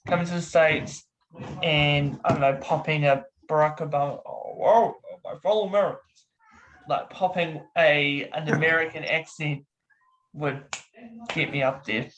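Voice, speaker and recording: A man's voice: a little high, little pitch movement, a little slow, a bit bright, dull audio. A young man with a New Zealand accent, a comedian chatting easygoingly in an interview over a video call. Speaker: comedian and voice impersonator. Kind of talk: casual interview talk.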